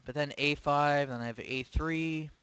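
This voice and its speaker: A man's voice: on the high side, fairly even intonation, measured pace, a bit bright, clean tone, highs cut off. A man commentating his own online chess game live, thinking aloud with hesitant, self-questioning remarks. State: sleepy, yawning. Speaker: chess streamer.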